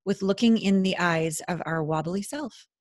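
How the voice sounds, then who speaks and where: A woman guest on an interview podcast, talking in an earnest, expressive, spiritual way with sudden bursts of emphasis. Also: fairly low pitch, moderate pace, no echo, clean studio sound. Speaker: guest intimacy expert.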